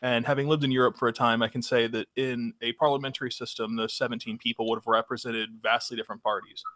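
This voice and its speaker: Man, co-host, halting questions, bright voice, dry close sound. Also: medium pitch, level tone, no echo. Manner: halting, with fillers. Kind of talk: interview questions.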